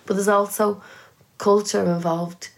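Gravelly Irish woman, heartfelt. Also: medium pitch, little pitch movement, unhurried. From Ireland. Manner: earnest, heartfelt, thinking aloud with restarts. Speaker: guest musician. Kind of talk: casual conversational interview.

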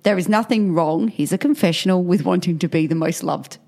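A woman, co-hosting a casual chat, frank and quick to laugh, swearing freely. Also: lowish voice, darkish tone. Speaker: podcast co-host.

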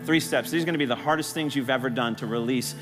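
A man preaching a sermon to his church, impassioned, his voice rising loud and high on key lines. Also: quick pace, in a large hall, over music. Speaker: pastor. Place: church sanctuary.

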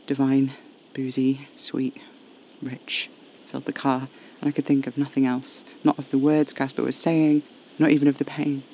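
A man tells a horror story in the first person, hushed and intimate. His voice has a gravelly edge. His pitch barely moves, and faint noise sits under the recording. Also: level tone, normal speed, poor audio. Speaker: narrator.

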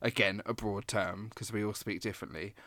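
A man's voice: fairly low pitch, steady tone, fairly quick, pushed and bright, no room sound. Rambling man, dry close sound. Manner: rambling, hesitant with many ums. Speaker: podcast co-host. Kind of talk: casual film review chat.

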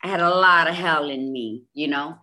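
A low-pitched woman in her fifties talks openly as an interview guest. She tells her story with emphasis, repeating phrases to drive her points home. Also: moderate pace. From Bridgeport, Connecticut, US. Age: 50s. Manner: emphatic, repetitive, animated storytelling. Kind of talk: candid personal interview.

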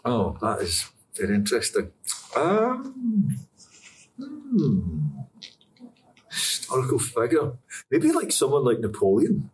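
A man's voice: medium pitch, huge pitch swings, takes it slowly, long pauses, a little hiss or hum. A young Scottish man answering interview questions about acting, chatty and rambling, often laughing. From Scotland. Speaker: actor interviewee. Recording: distant mic with faint ambience.

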